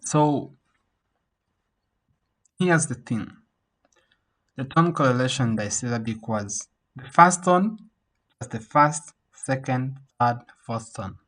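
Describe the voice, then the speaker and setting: A man teaching a beginner Mandarin class over a video call, saying words slowly for learners to repeat. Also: medium pitch, animated, fairly bright tone, rough recording. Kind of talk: online language lesson.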